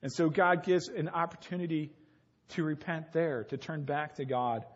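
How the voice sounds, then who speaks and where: A pastor delivers his sermon in a relaxed, conversational way, dropping in everyday stories from his own childhood. His voice sits a little high for a man. The recording is slightly dull and muffled. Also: moderate pace. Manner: conversational preaching with homely examples.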